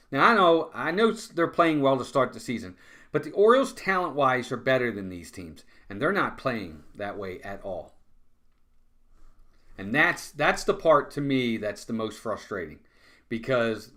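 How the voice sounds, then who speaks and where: A man doing live fan play-by-play of a baseball game, talking to his chat and venting when calls go against his team. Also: medium pitch. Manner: excitable, groans and vents frustration at calls.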